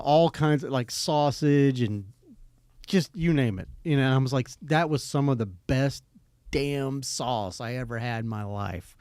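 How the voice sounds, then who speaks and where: A man's voice: medium pitch, darkish tone, smooth, no echo, studio quality. A man hosting a podcast, chatting casually and rambling with plenty of fillers and restarts. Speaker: podcast host. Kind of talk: casual chat.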